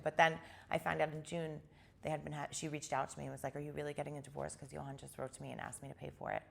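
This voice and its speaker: Low, gravelly woman telling a story. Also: fast. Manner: animated retelling, heavy use of "like". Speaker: guest. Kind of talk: casual interview storytelling.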